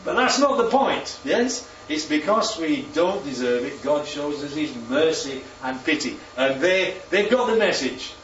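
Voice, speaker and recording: A man's voice: on the high side, sing-song, a little slow, few pauses, fairly bright tone, faint music behind. A man preaching a sermon, often putting questions to his congregation and repeating the answers back. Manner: interactive, asks the congregation questions. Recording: roomy, distant, muffled hall recording.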